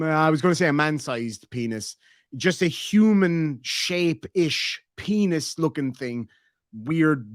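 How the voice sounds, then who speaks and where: An Irish streamer with a smooth, somewhat high voice reads his members' messages aloud during a casual reaction stream. His delivery is joking, crude and rambling, and the recording is echo-free studio quality.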